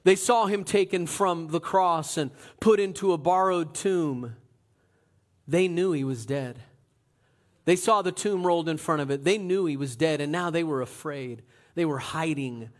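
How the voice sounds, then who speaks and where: A man preaching a sermon, telling the story in an animated way that swings from loud to hushed. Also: fairly high pitch, a little slow. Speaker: pastor.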